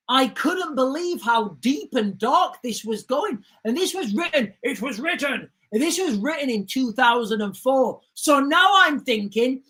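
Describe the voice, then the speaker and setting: A higher-voiced woman hosting a livestream, urgent and emphatic, who keeps turning to her viewers as she talks. Her tone presses hard, full of warnings and repeated appeals. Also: a bit bright. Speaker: livestream host. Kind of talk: livestream commentary.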